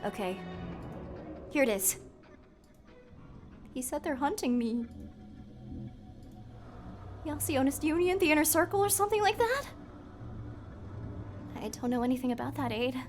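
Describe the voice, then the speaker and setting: A young woman streaming a game live, reading the characters' lines aloud and reacting with loud panicked outbursts. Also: high voice. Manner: switches between calm read-outs and loud panicked outbursts.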